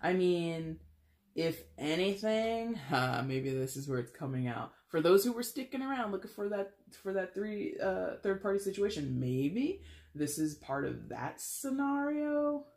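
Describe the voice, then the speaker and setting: A man's voice: high-pitched, very animated, a little slow, creaky, a little mellow. A man giving a casual tarot reading, talking in a chatty, blunt, wry way with lots of fillers. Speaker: tarot reader. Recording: roomy echo.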